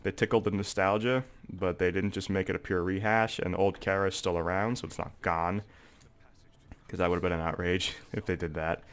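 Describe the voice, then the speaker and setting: A man's voice: low voice, fairly even intonation, moderate pace, smooth. A young man with a congested, stuffy voice, rambling in casual gameplay commentary with lots of "like" and "um" fillers. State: congested, sore throat. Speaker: gaming video creator.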